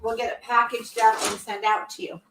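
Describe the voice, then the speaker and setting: A middle-aged woman hosting a live crafting stream, chatty, excitable and often breaking into giggles. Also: fairly high pitch, brisk, a little hiss or hum. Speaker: crafting channel host.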